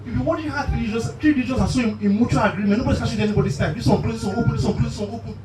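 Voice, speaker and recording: A man performing a stand-up comedy set, telling stories in an animated, shouty way and slipping into preaching. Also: very high-pitched, very fast, over a noisy crowd. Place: live comedy stage. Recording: echoey hall, mic at a distance, faint room noise.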